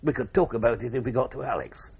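An older man, telling an interviewer his wartime memories in a measured way, with pauses and restarts. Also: medium pitch, crowd noise. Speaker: war veteran interviewee. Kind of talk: oral history interview.

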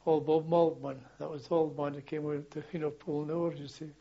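An older man telling wartime memories as a former policeman, in a halting, rambling way full of restarts and chuckles. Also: fairly high pitch, level tone, vocal fry, dull audio. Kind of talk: oral history storytelling.

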